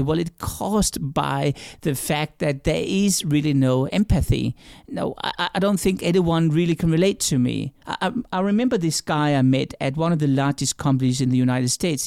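A man's voice: a little high, creaky, a little mellow, no room sound, studio quality. A man being interviewed as an author, explaining his ideas through stories and examples, often repeating words as he goes. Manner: storytelling, explains with examples and acted-out quotes; repeats words and restarts sentences. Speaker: author and guest. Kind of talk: conversational interview answers.

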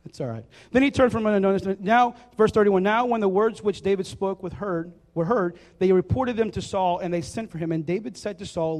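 A youth preacher gives a casual sermon in a large hall, reading from the Bible and joking with the crowd between verses, his speech full of fillers. He's chatty and jokey and has the audience repeat words back to him. His voice is high-pitched with a darkish tone, and he talks briskly with few pauses.

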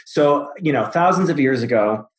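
A man's voice: on the high side, normal speed. Man therapist in a roomy echo. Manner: relaxed, explanatory, storytelling. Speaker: therapist, host. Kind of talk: casual conversation.

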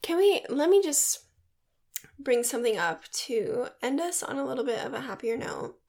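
A woman's voice: high voice, sing-song, moderate pace, gravelly, a little mellow. A young woman co-hosting a podcast, giggly and dramatic in unfiltered casual chat. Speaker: podcast co-host.

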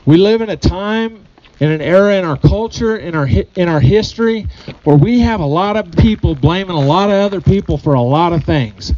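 A man's voice: sits high, normal speed, few pauses, darkish tone, dull audio, slight background noise. A man preaching a sermon to his congregation, earnest, often repeating phrases and putting questions to the people. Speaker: pastor.

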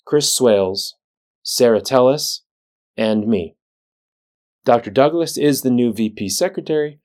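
A man who is a physician and the show's host reads a scripted weekly recap in a measured, plain way, with a dry sense of humor. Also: lowish voice, darkish tone. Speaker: physician leader and podcast host.

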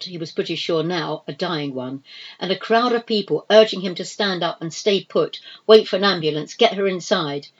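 A woman reading a novel aloud in expressive, measured scripted narration. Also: fairly low pitch, breathy edge, highs cut off. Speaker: audiobook narrator.

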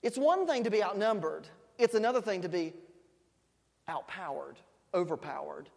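A preacher giving a sermon with playful, joking storytelling, swinging between loud shouts and quiet asides. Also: medium pitch, animated, moderate pace, gravelly, in a large hall.

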